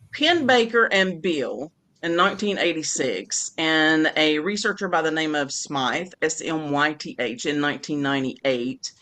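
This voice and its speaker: A woman who co-hosts a podcast, reading her own story aloud with expressive, dramatic pacing and then chatting casually. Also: lowish voice. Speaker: podcast co-host.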